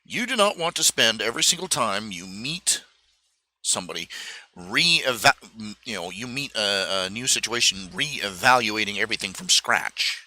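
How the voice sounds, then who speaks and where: Man streamer, lively pitch, very bright and dry, rambling with lots of fillers. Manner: halting, full of fillers and restarts. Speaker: live stream host. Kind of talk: casual rambling monologue. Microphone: streaming microphone.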